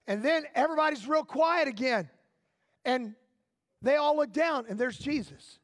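A man with a very high speaking voice preaches a sermon. His storytelling is animated and playful. The recording is dry and close. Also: moderate pace, no room sound. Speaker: pastor.

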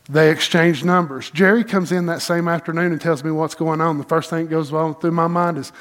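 A middle-aged man preaches a sermon, telling stories in a folksy, animated way. His voice sits a little high, and he leans on dramatic pauses. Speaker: pastor. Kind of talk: sermon storytelling.

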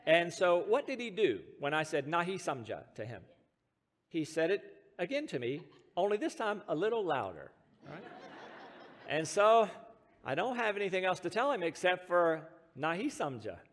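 An American pastor preaches with a high, light voice that carries a long reverb through a church sanctuary. He tells stories with self-deprecating humor and chuckles between points. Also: big pitch swings, moderate pace, pauses often. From United States. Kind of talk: sermon.

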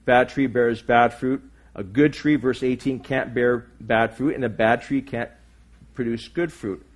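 Husky, earnest male preacher. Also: medium pitch, fairly even intonation, a little slow. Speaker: pastor. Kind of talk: sermon.

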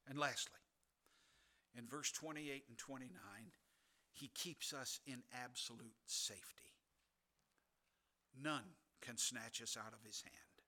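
A man preaching a sermon as a pastor, earnest and building to emphatic, insistent peaks, with soft, near-whispered asides. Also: medium pitch, slow pace, pauses often.

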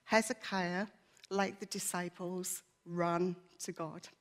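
A woman's voice: lowish voice, fairly even intonation, slow pace. A woman giving a personal testimony to a church congregation, candid, chatty and self-deprecating, earnest and emotional.

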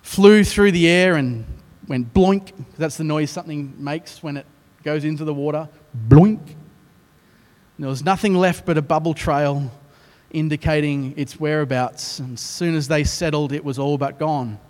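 A man with an Australian accent preaching a sermon as a pastor, telling the story in an animated way with self-mocking, joking asides. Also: on the high side, moderate pace, long reverb tail.

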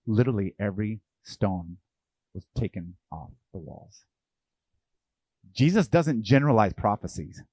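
A man's voice: fairly low pitch, animated, measured pace, long pauses, darkish tone, husky, no echo. A man preaching a sermon as pastor. He asks his listeners questions and acts out the voices of the people he quotes.

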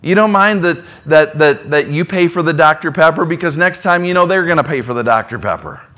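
A man's voice: animated, fairly quick. Conversational man preaching a sermon. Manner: conversational, swings between soft low asides and emphatic lines. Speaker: pastor.

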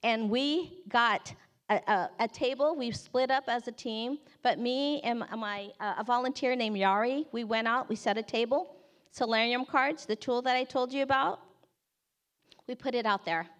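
A woman who works in campus ministry, telling an earnest, expressive testimony and acting out the people in it. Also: a little high, moderate pace. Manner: earnest, expressive storyteller who acts out quotes. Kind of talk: storytelling testimony talk.

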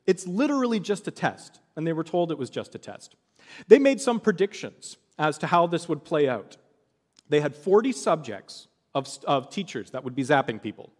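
A man's voice: fairly high pitch, sing-song, moderate pace, husky, in a large hall. A man preaching a sermon, telling a story with animation and acting out the voices of the people in it.

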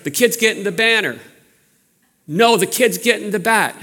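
A man voicing loud, gruff Bronx men bickering in a ballpark line, in a Bronx accent. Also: high-pitched, normal speed, long reverb tail, voice pushed up, full character voice. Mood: brash.

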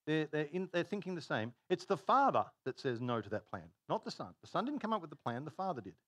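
Brief: lively male pastor, sermon delivery, pitch leaping up and down, dry close sound. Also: fast talker, no room sound. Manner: animated storytelling, laughs at own jokes.

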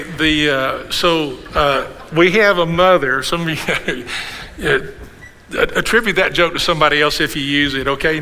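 Middle-aged guy preaching, chatty and joking with the crowd, bright voice, big echoey church hall with a faint hum. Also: a little high. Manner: conversational, jokey, checks in with the crowd. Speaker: pastor. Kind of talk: sermon. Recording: long hall reverb, faint room noise.

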